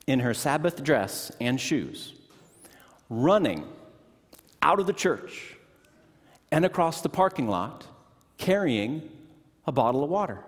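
A middle-aged man preaching a sermon in a church, telling stories with animated energy that drops to hushed tones. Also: mid-range voice. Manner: animated storytelling, shifting from excited to hushed. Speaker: pastor. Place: church sanctuary. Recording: long hall reverb.

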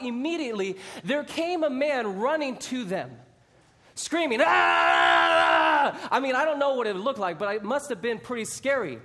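A man preaching a sermon, retelling a Bible story with animated storytelling and dramatic re-enactments. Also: extremely high pitch, big-room sound.

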